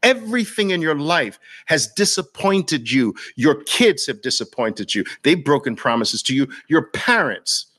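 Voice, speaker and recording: A man's voice: a little high, big pitch swings, unhurried, hardly any pauses, fairly bright tone. Fired-up New man teaching a masterclass. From Brooklyn, New York. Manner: emphatic, with repeated punchy lines and rhetorical questions. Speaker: trading educator. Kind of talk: persuasive masterclass talk.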